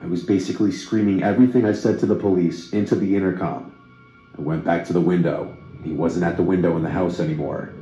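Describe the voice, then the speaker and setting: A man narrating a true horror story in a steady, even reading voice. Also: sits low, quick pace. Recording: roomy, slightly dull, faint music.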